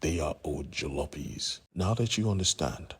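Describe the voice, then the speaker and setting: A man's voice: a bass voice, animated, normal speed, gravelly, slight background noise, heavily acted. A man voicing a cocky male cowboy vampire who teases and calls her sweetheart, in a comic recap story. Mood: smug.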